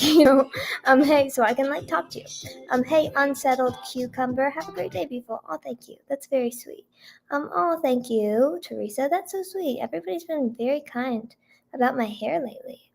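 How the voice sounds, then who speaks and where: A hoarse woman singer-songwriter chatting casually on a livestream, thanking viewers by name and filling her talk with "like" and "um". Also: high voice.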